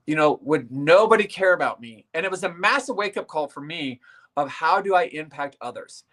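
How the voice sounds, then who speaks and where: An earnest man speaks as a guest, his voice sitting a little high for a man. He tells a personal story with feeling, stumbling over and repeating words as he goes. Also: normal speed, a bit bright.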